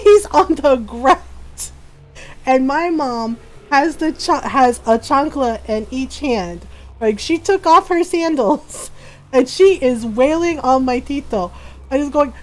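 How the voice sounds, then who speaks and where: A woman with a high, light voice chats casually on her live stream, telling a story in an animated way. She laughs often between lines, and her talk stays loose and conversational. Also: slow pace, poor audio. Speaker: game streamer.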